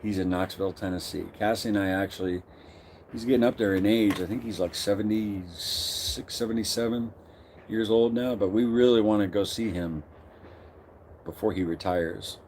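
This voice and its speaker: A man's voice: lowish voice, moderate pace, darkish tone, a little hiss or hum. A middle-aged man hosting a casual live stream, greeting viewers by name and reading their comments aloud.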